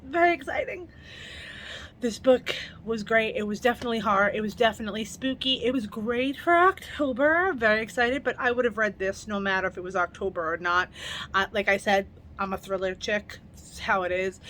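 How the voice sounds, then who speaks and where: A woman's voice: medium pitch, a bit bright, slight background noise. A young woman hosting her own book review vlog at home at night, chatty and enthusiastic but tired and yawning, laughing often as she talks. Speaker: book reviewer, channel host.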